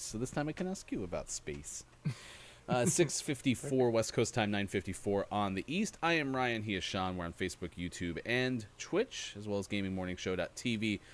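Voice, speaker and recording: A man hosting a gaming morning show, chatting casually and rambling with laughs. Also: sits low. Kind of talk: casual chat. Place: studio.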